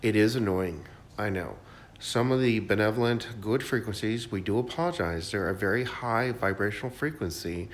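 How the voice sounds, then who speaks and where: A man giving a casual, rambling spiritual talk, sometimes dropping to a hush as he guides listeners. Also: fairly low pitch. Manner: rambling, restarts, soft guided hushing at times. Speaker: spiritual channel host. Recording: faint background noise.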